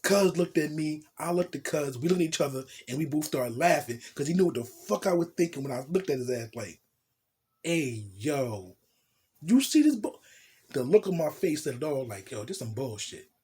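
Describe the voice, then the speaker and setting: A young man from New Jersey with a husky, somewhat high voice tells a story in loose street slang. He swears freely and keeps it animated, slipping into what each person said. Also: brisk, few pauses. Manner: profane, animated, street slang, acts out quotes. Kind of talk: casual storytime monologue.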